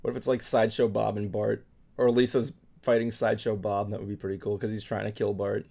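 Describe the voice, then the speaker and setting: A man's voice: fairly low pitch, level tone, fast talker, vocal fry, warm tone. Podcast host, male, chatty and loose, lots of ums. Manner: chatty, many ums and restarts. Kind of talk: casual chat.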